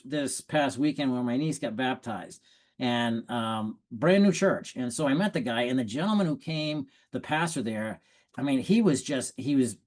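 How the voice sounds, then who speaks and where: A man giving an energetic, conversational sales training talk on a video call, often restarting his sentences. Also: medium pitch.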